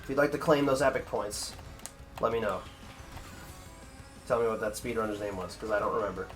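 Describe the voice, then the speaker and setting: A man's voice: on the low side, steady tone, brisk, soft background music. Profane rambling male streamer. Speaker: streamer, speedrunner. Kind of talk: casual chat with stream viewers while gaming.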